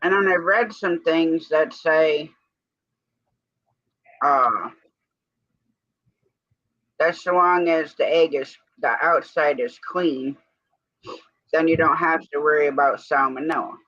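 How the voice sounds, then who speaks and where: Slow-talking bright-voiced woman, lively pitch. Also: no room sound. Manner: rambling, chatty, breaks off to give commands to her dog. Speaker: live stream co-host. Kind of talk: casual chat on a live stream. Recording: dull lo-fi stream audio.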